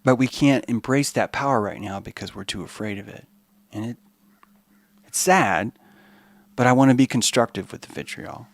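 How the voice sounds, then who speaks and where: A man hosting a podcast, giving an animated, profane, rambling monologue. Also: medium pitch, normal speed, long pauses, no echo. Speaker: podcast host.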